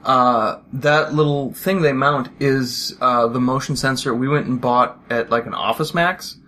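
A man's voice: mid-range voice, steady tone, a little slow, bright, forceful tone, slight background noise. A man co-hosting a podcast, telling a rambling story in casual chat and acting out the quotes. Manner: rambling storyteller, acts out quotes, laughs often. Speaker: podcast co-host. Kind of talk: casual chat about a film.

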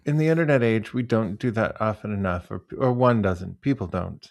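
Low-voiced joking podcast host. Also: male voice, fairly quick, gravelly, dry recording, studio quality. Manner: animated storyteller, doing voices, joking. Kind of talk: casual chat.

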